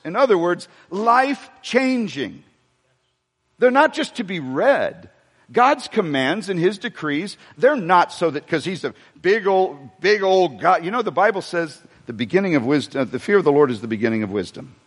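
A man delivers a sermon in a high, ringing voice, circling back over his words and calling out to the congregation. The sound carries a long reverb from a large church sanctuary. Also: moderate pace, husky. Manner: animated preaching with repetitions and asides to the congregation. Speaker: pastor.

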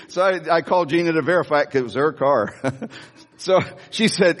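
A male pastor with a high, bright voice preaches in a large sanctuary, his words trailing off into a long hall reverb. He tells stories with animated energy, laughs often and repeats key phrases for emphasis. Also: a little fast. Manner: animated storytelling with frequent laughs and emphatic repetition. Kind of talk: sermon.

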